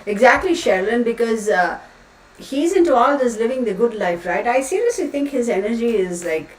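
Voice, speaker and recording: A woman's voice: on the high side, lively intonation, moderate pace, recorded from a distance. A woman hosting a casual tarot livestream, chatting and rambling as she reads out viewers' comments. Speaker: tarot reader livestream host. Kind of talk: casual chat with live viewers. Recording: echoey room, voice off the mic, faint room noise.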